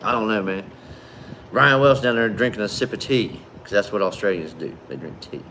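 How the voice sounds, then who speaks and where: Low-voiced laid-back man hosting livestream. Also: moderate pace, pushed and bright, a little hiss or hum. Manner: laid-back, friendly, calls viewers man and brother. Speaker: livestream host. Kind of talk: casual livestream chat reading viewer comments.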